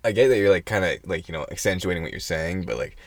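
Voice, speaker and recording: A man's voice: low-pitched, fast, no room sound. A young man co-hosting a casual podcast chat, joking and laughing often. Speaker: podcast co-host.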